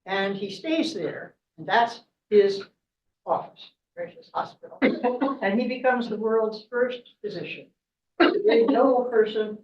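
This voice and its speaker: A woman's voice: on the high side, measured pace, slight background noise. Woman guest speaker spinning a story, chatty and laughy, far from the mic, kinda muffled. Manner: chatty, laughs often, tags lines with right. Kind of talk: storytelling talk at a club meeting. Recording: echoey room, distant mic, dull sound.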